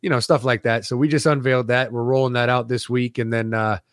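A man's voice: mid-range voice, fairly even intonation, fast talker, smooth, no echo. Blunt man in his thirties. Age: 30s. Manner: blunt, profane, dry. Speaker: guest, former coach. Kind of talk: casual streamed chat.

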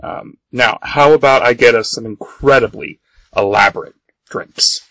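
Man, casual podcast co-host, halting ums, dry close sound. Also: medium pitch, creaky, dry recording, poor audio. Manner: relaxed, agreeable, halting with ums. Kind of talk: casual comic recap.

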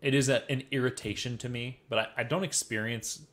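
A young man from the Midwest talks quickly in a loose, swearing podcast chat. He tells his stories with lively, animated energy, at a middling pitch. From American Midwest. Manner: profane, animated storytelling. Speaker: podcast co-host. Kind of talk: casual chat.

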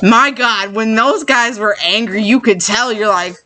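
A woman co-hosting a casual podcast chat, profane and quick to laugh, often trailing off mid-thought. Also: on the high side, bright, forceful tone, a little hiss or hum. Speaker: podcast co-host.

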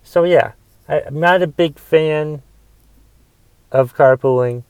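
A man's voice: a little high, slow, clear, resonant tone, no room sound. A young man hosting a solo podcast, ranting in a casual, rambling way with restarts and swearing. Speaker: podcast host.

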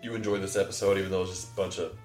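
A man's voice: low-pitched, little pitch movement, very fast. A man co-hosting a casual podcast, trading goofy rhyming jokes in improv banter. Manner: goofy, mock-preacher rhymes. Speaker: podcast co-host. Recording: echoey room with music behind.

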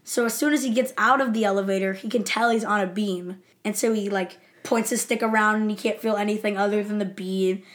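A woman's voice: mid-range voice, steady tone, a little fast, few pauses. A woman co-hosting a casual recap, leading the segments and retelling scenes with giggles. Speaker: podcast co-host. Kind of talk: casual chat.

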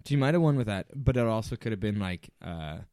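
A man's voice: fairly low pitch, expressive, a little fast, mellow, no room sound. A male podcast co-host in casual chat, sounding stuffed up and nasal, talking with lots of hesitant restarts.

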